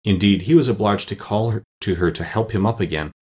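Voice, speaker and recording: A man narrating a children's storybook in a steady, even reading voice. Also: on the low side, a little fast. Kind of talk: audiobook narration.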